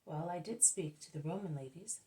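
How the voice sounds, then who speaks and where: A woman voicing a gentle male spiritual teacher who explains in a measured, patient way. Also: on the low side, lively intonation, natural voice, rough recording. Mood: calm.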